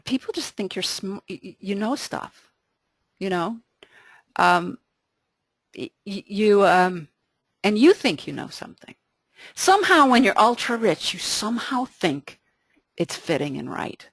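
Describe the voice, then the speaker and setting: A woman's voice: medium pitch, measured pace, pauses often, no echo. Woman, Bible study leader, chatty with restarts, dry close sound. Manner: lively, conversational, frequent restarts. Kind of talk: casual Bible study talk.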